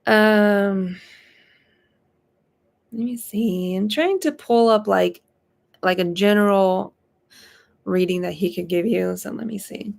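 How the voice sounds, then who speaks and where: A woman's voice: medium pitch, slow pace, vocal fry, long pauses. A woman psychic medium chatting casually on a live stream, giggly and full of fillers. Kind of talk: live-stream reading chat.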